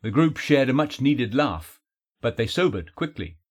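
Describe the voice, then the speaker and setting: Brief: husky male storyteller, steady and even, mid pitch. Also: unhurried. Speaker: narrator. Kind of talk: audiobook narration.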